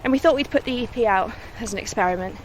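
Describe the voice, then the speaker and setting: A woman's voice: fairly high pitch, fast, a little hiss or hum. A young woman from the West Midlands, a singer-songwriter, chatting modestly and laughing easily as she is interviewed on a countryside walk. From West Midlands, England. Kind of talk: casual outdoor interview on a walk. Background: faint outdoor ambience and distant vehicles.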